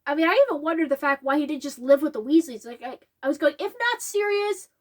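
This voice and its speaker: High-voiced woman gushing about a film. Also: fast talker. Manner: animated, acts out quotes in a higher voice; emotional, gets choked up. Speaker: video essayist. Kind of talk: casual film reflection.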